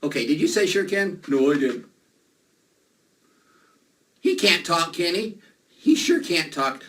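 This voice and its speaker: Magic show guy for kids, high bouncy voice, bright, mic kinda far off with faint hiss. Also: moderate pace. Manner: playful, animated, talks to kids. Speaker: children's magician. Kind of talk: children's magic show patter. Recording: distant mic, faint noise.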